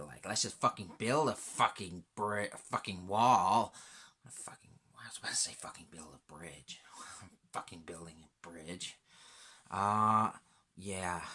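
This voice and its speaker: A man's voice: sits low, bright, forceful tone. A man in a rambling, profanity-laden monologue as a laid-back self-described stoner, sometimes dropping into a whisper.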